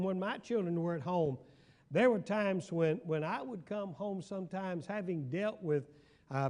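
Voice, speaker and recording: A man's voice: high voice, darkish tone. An older man, a pastor teaching a Bible study in a folksy storytelling way, now and then asking his listeners if they follow. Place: church hall.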